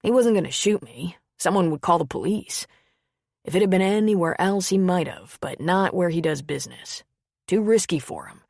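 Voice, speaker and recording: A woman's voice: on the low side, expressive, normal speed, vocal fry, darkish tone, no room sound, studio quality. A woman voicing a blunt, wry man in an audiobook, speaking in a plain, offhand way. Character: man who tends to others, blunt and wry.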